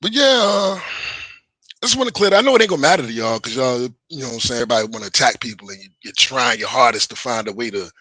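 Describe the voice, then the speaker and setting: A man's voice: medium pitch, expressive, quick pace, pushed and bright, no echo, low-quality recording. Heated man ranting on a livestream. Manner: heated, defensive, profane, repeats himself. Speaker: livestream host. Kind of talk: casual livestream rant to chat.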